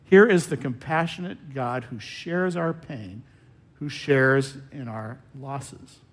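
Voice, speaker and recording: A man preaching a sermon, reading scripture and explaining it in a slow, measured way with long pauses and phrase endings that trail off softly. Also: medium pitch. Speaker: pastor.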